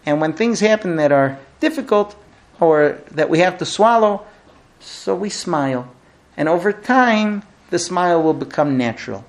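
A man's voice: on the high side, normal speed. A middle-aged man teaching a recurring class as a rabbi, telling funny stories and acting out the quoted lines. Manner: animated storyteller, acts out quoted dialogue. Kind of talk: lively classroom lecture with humor.

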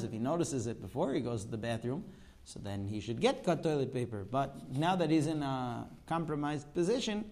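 A man's voice: sits high, a little mellow. A man teaching a Talmud class, explaining texts and asking rhetorical questions. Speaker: religious teacher.

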